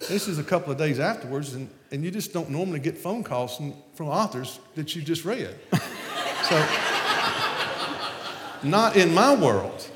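A man with a Southern American accent tells a story on stage, animated and quick to laugh. His voice sits a little high for a man. It rings out through a large hall with long, echoing reverb. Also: heavy background noise. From Southern United States. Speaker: speaker on stage. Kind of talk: storytelling talk to an audience.

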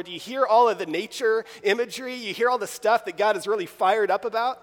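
A man preaching a sermon, reading scripture aloud with rising emphasis and speaking in an animated, conversational way. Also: sits high, brisk, few pauses. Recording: long reverb of a large hall.

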